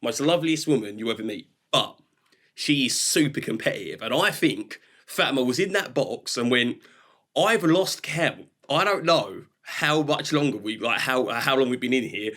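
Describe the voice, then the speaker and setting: A man in his thirties talks as a guest in a relaxed chat. His pitch swoops widely as he tells animated stories, laughing often and playing out his own reactions. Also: moderate pace. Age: 30s. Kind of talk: casual chat.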